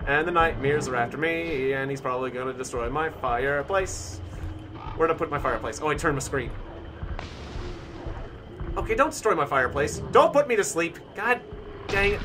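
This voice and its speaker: Animated male game streamer, noisy background. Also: on the high side, moderate pace, pauses often. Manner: animated, thinking aloud, bursts of shouting. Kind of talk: live-stream gameplay commentary.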